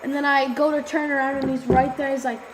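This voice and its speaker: A young woman casually telling a funny story with a giggly, animated manner and sudden loud outbursts. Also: sits high, quick pace. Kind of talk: casual chat. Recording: noisy room with long reverb.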